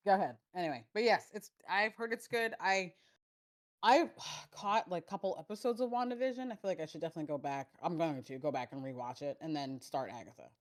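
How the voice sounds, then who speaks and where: A woman co-hosting a podcast, chatting casually in a bubbly way, with quick asides. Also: on the low side. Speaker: podcast co-host. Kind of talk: casual chat.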